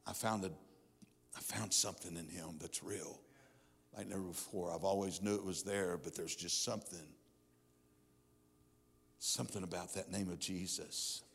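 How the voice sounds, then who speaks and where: A middle-aged male pastor giving a sermon testimony in a church, his delivery swinging from hushed to fervent. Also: sits low, steady tone, moderate pace, creaky, long pauses, breathy edge. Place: church sanctuary. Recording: long hall reverb.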